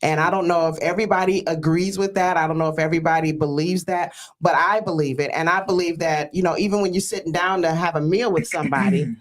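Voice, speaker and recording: A woman's voice: fairly low pitch, steady tone, fast talker, hardly any pauses. A woman from Detroit hosting a talk show, telling stories in an earnest, emotional way with many fillers. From Detroit, USA. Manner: earnest, storytelling, with frequent fillers; exclaims praise like a church greeting. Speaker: host.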